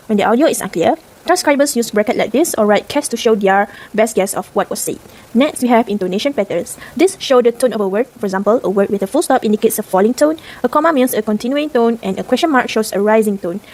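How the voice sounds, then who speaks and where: A woman's voice: on the high side, darkish tone. A young woman from Malaysia, a university student, explaining terms in a class presentation. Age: young adult.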